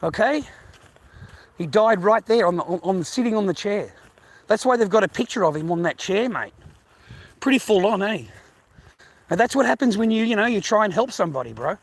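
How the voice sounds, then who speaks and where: A man with a high-pitched voice, from the United States, tells his viewers a story while out walking. He rambles, swears freely and repeats his own phrases, now and then dropping to a hushed aside. It sounds like it is caught on a handheld phone outdoors. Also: animated, a little fast, vocal fry, long pauses. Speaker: vlogger.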